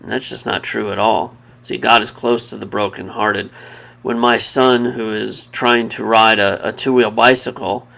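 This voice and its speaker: A man giving an earnest, reflective personal devotional talk, pausing and restarting mid-thought. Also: lowish voice, fairly even intonation, vocal fry, a bit bright. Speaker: devotional video speaker.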